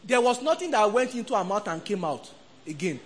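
A middle-aged Nigerian-accented man preaches briskly in a high voice. The pastor keeps his congregation engaged in animated call-and-response and gives quoted figures their own acted-out voices.

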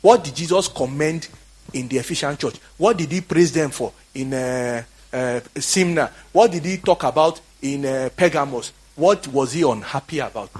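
Husky Nigerian preacher man. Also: mid-range voice, normal speed. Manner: fiery, exhorting, swings from quiet to shouting. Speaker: pastor. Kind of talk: sermon.

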